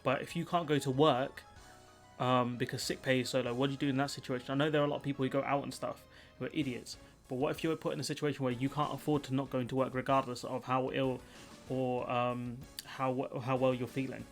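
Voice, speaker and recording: A man's voice: medium pitch, little pitch movement, fast talker, faint music behind. A man giving rambling, frustrated political commentary, full of fillers and restarts.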